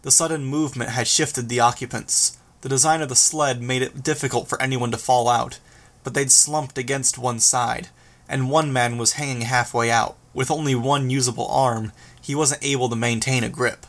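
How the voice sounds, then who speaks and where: A man reading a novel aloud as narrator, with steady, measured delivery. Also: medium pitch. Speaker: audiobook narrator. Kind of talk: scripted narration.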